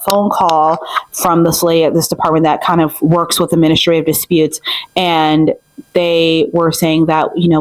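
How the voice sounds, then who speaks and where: Low-voiced young woman telling a story. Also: moderate pace, no echo, low-quality recording. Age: 20s. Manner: animated, emphatic, with many fillers. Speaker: vlogger. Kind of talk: casual storytime.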